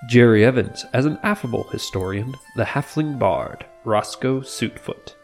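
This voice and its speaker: A man's voice: mid-range voice, lively intonation, normal speed. A man reading a theatrical scripted introduction in a storyteller's manner, addressing the listener as a traveler. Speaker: show narrator. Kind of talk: scripted narration. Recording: music bed behind voice.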